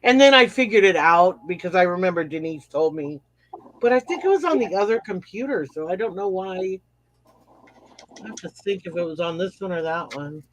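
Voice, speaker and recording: A woman's voice: on the low side, expressive, fairly quick, a little hiss or hum, rough recording. A woman on a craft chat panel who jokes and laughs easily in casual talk.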